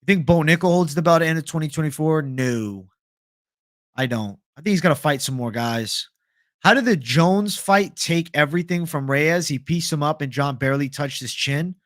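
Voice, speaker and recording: A man's voice: on the high side, moderate pace, a bit bright, dry recording. Give me a young man hosting a casual livestream, cursing and answering comments, in a dry room. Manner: casual, profane, reads viewer comments aloud. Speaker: livestream host.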